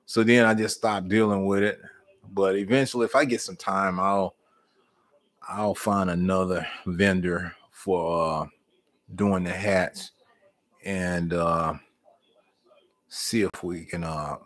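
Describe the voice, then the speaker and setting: A man's voice: low voice, steady tone, takes it slowly, long pauses. A middle-aged man, hosting a live stream and chatting casually with viewers in a folksy, storytelling way. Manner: folksy, storytelling, warm Southern American speech with "y'all".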